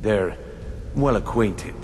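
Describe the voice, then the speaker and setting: Smooth-talking thieves' guild boss. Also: male voice, lowish voice, takes it slowly. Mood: scheming. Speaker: game character. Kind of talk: video game voice acting. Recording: game audio with long reverb and faint hiss.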